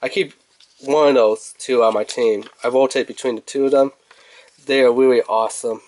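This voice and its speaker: A man's voice: medium pitch, steady tone, moderate pace, a little mellow, slight background noise. A young man casually reviewing toys, rambling and chatty and laughing at his own jokes. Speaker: toy reviewer.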